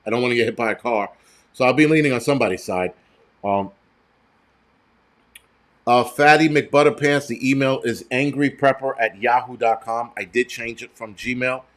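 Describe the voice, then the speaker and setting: A man's voice: medium pitch, fairly bright tone. Blunt, profane American man. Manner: blunt, profane and rambling, talking straight to viewers. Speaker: prepper channel host. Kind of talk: casual live-stream commentary.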